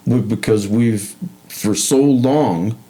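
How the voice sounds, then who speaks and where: Low, mellow male host, reflective, broken-phrase delivery. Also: slow, low-quality recording. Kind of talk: casual heartfelt conversation.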